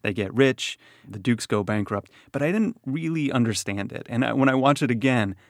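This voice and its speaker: A man hosting a podcast, talking in a measured, curious way. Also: mid-range voice, no room sound, clean studio sound. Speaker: podcast host. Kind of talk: casual chat.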